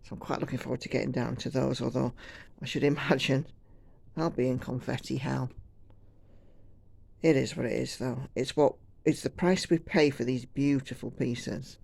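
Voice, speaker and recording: A woman's voice: extremely low pitch, steady tone, moderate pace, gravelly, a little mellow, no echo. A woman from the United Kingdom chatting casually and rambling while she stitches at home. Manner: chatty, rambling, self-deprecating. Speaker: cross-stitch vlogger.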